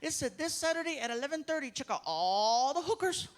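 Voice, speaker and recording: A man's voice: very high-pitched, animated, brisk, voice pushed up. A man voicing a curious young boy who keeps nagging with insistent questions, recorded live on stage with crowd noise. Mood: pestering.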